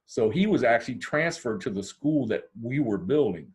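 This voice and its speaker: A man's voice: moderate pace, husky. A man from Ohio, a podcast guest telling a long personal story in a casual way, acting out the dialogue with big swings in his voice. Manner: animated, acts out dialogue with big pitch swings.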